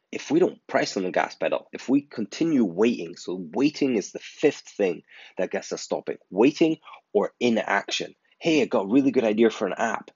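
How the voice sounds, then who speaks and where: Male podcast host, low husky voice, blunt and earnest motivational talk; dry, lo-fi sound. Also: a little mellow, no room sound. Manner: blunt, earnest, swears casually. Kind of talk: motivational monologue. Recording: dry, dull lo-fi recording.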